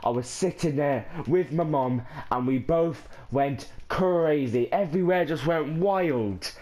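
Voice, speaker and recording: A teenage gaming vlogger from Ireland talks to camera in a casual vlog, his voice on the high side, slow, and somewhat dark in tone. He sounds overwhelmed and rambles, restarting sentences and sighing.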